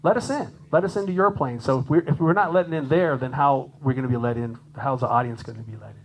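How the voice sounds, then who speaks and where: A man giving a lively, chatty clinic talk to a conference audience as a jazz drummer, laughing often and acting out quoted voices. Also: mid-range voice, quick pace, a little hiss or hum, low-quality recording.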